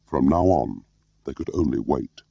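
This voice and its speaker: A man narrating an audiobook in a measured, even way, in a muffled recording. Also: rumbling low, creaky, breathy edge, no room sound. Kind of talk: scripted narration.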